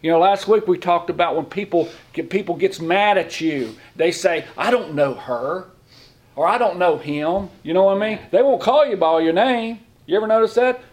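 A man's voice: high voice, a little fast, few pauses. A middle-aged man giving a conversational sermon as a lay preacher, folksy, talking in plain informal grammar and often asking the room questions.

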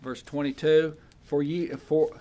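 A man's voice: on the high side, little pitch movement, a little slow, dark tone. A man preaching a Bible study sermon, reading verses aloud and checking in with his listeners with "okay?".

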